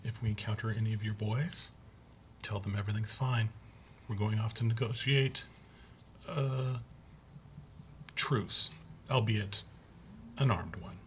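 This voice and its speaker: A man's voice: lowish voice, a little slow, pauses often, a little hiss or hum, close to an everyday voice. A man playing a hard, cold male vampire who gives curt, commanding orders to a captive in a tabletop game. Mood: menacing.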